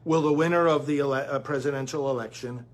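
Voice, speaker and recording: A man's voice: medium pitch, steady tone, fast talker. A man giving an earnest political commentary monologue straight to his listeners, calling them friends. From United States.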